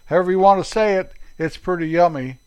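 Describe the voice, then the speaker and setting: An older American man telling light, joking stories on his own show, now and then squeaking out mock French exclamations. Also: fast, smooth, lo-fi sound. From United States. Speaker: podcast host. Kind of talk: humorous storytelling monologue.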